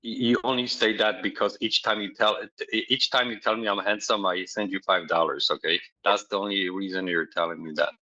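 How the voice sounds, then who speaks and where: A man's voice: on the low side, fairly even intonation, brisk, hardly any pauses, bright, forceful tone. A man in casual chat giving blunt, straight-talking advice and teasing his partner. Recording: dull lo-fi sound.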